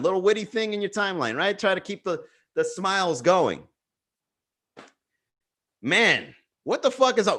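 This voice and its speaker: Man host, casual profane ranting on a home livestream, mid-pitched voice. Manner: animated, profane ranting, reads chat aloud.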